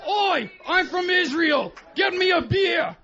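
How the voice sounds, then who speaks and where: A man doing a shouting mock-accent guy. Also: very high-pitched, expressive, slow pace, pitched above the performer's own voice, heavily acted. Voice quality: shouted, heavy put-on accent. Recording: muffled radio broadcast, live crowd.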